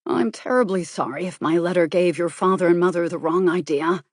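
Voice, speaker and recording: A woman's voice: fairly low pitch, a little fast, no echo, clean studio sound, close to an everyday voice. A woman reading as a grave, worried man. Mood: earnest.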